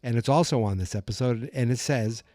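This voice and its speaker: Calm American male podcast host, low-key warm tone, rambling chatty delivery. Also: brisk, no echo. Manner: calm, rambling, self-correcting. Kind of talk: casual chat.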